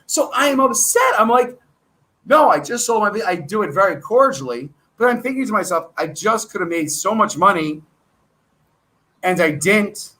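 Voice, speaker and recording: Casting note: American male stream host, high-pitched and bright, rambling and excitable in casual market commentary. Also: normal speed. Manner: rambling, excitable, self-deprecating asides. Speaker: stock market show host.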